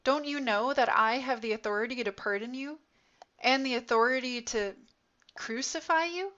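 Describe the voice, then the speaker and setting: A woman reading the words of an uneasy male governor who speaks slowly and insistently. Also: on the high side, sharp tone. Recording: dull lo-fi recording.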